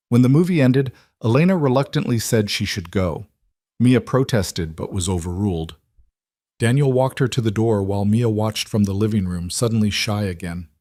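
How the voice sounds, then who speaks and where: A man narrating a scripted drama story in a measured, even reading. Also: on the low side, no echo, studio quality.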